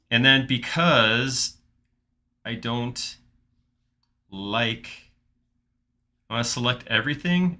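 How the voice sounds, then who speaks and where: A man hosting a live software modeling stream, thinking aloud in casual chat as he works. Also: lowish voice. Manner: chatty, thinks aloud with restarts while clicking. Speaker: livestream host modeling in software.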